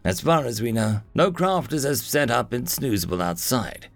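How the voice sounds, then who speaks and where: A man voicing a crude, easygoing male fighter in an audiobook, speaking slowly and pleasantly with a teasing edge. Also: mid-range voice, big pitch swings, gravelly, no echo, soft background music.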